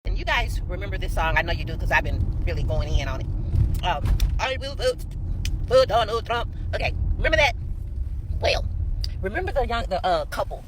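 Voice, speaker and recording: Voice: mid-range voice, very animated, fairly quick, noisy background. A commentator in casual chat, gleeful and mocking, talking from a car.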